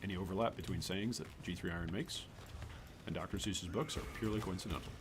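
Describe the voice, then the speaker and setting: A man's voice: low-pitched, quick pace, background noise. A man streaming a video game, chatting playfully with his viewers as he plays. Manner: chatty, playful, joking with chat. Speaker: gaming streamer. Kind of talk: casual gameplay commentary.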